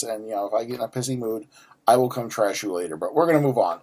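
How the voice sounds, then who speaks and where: A man's voice: on the low side, animated, fast talker, a little mellow. Ranty, foul-mouthed man unboxing. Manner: ranty, profane, sarcastic, frequent restarts. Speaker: unboxing vlogger. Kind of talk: casual unboxing chat.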